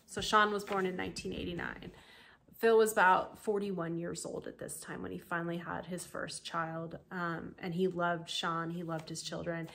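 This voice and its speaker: A woman's voice: lowish voice, moderate pace, creaky. A woman hosting a podcast, telling a true-crime story in a casual, chatty way with lots of asides. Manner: chatty, animated, full of asides and laughter. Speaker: podcast host.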